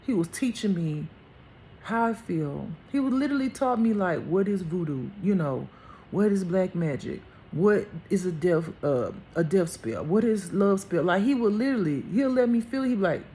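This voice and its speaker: A woman giving an impassioned personal monologue as a spiritual teacher, colloquial and blunt, dropping into a hushed lower voice when she speaks for God. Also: a little hiss or hum.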